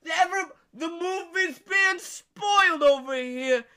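A man doing a frantic moviegoer outraged at spoilers, who cries out his complaints in a shrill, bright voice pitched far above normal. He yells as though warning everyone around him. The voice is a comic, podcast-style impression. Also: slow pace, vocal fry, heavily acted. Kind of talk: podcast storytelling.

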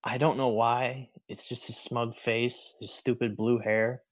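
A man's voice: medium pitch, level tone, a little slow. A man co-hosting a casual gaming podcast, ranting and mocking himself, laughing often. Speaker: podcast co-host. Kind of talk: casual chat.

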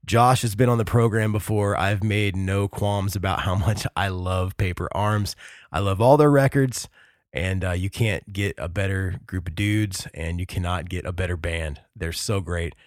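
A man's voice: deep voice, normal speed, no echo, clean studio sound. A man hosting a podcast in casual chat, enthusiastic and rambling, with many fillers and restarts. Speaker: podcast host.

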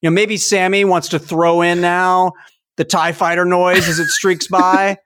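A man in his fifties hosting a podcast, telling childhood stories in a casual, animated way. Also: high-pitched, measured pace, background noise. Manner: animated storytelling, acts out toy sounds. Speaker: podcast host. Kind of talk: casual chat.

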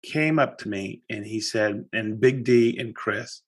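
A man hosting a podcast, talking casually and telling animated stories with lots of restarts. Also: fairly low pitch, unhurried. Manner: animated storytelling, chatty with many restarts. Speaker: podcast host. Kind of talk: casual chat.

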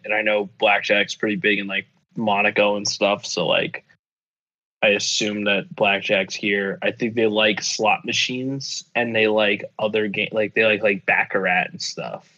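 A man's voice: on the low side, bright, forceful tone. Laid-back profane young man, lo-fi. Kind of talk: casual storytelling chat. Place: apartment abroad, call-in. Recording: dull lo-fi audio.

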